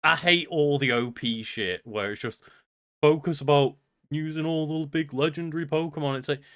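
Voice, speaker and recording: A man's voice: fairly high pitch, moderate pace, fairly bright tone, dry recording, clean studio sound. A man co-hosting a podcast in rambling, sweary casual chat full of fillers. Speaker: podcast co-host.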